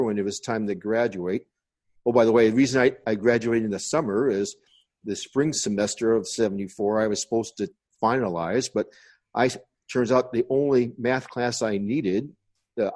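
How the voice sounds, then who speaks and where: A man in his sixties from the United States speaks with a lowish voice. He talks in a relaxed, rambling way as a podcast guest, wandering from one memory to the next. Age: 60s. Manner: rambling reminiscing storyteller. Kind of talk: casual interview.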